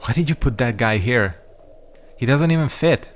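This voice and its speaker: A man's voice: mid-range voice, lively intonation, moderate pace, slight background noise. A man giving casual let's-play commentary, rambling and reacting to the game with frequent swearing. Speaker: gaming YouTuber.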